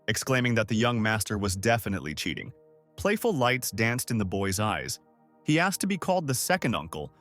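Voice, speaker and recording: A man's voice: medium pitch, fairly bright tone. A man narrating a story recap in a scripted, dramatic way. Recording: faint background music.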